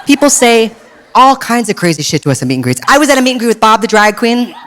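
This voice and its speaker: Sarcastic drag queen doing stand-up, loud crowd. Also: extremely high pitch, quick pace, background noise. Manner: sarcastic, punchy, deadpan asides. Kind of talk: stand-up comedy. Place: comedy stage before a crowd. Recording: live audience laughing and clapping.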